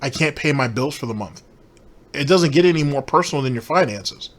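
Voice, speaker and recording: A man's voice: medium pitch, lively intonation, brisk. Guy ranting on his commentary channel, sarcastic and rambly, lots of cussing.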